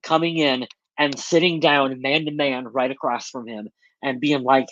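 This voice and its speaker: A man's voice: medium pitch, steady tone, moderate pace, a bit bright, no room sound. Earnest male podcast co-host, dry dull sound. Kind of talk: casual sports chat.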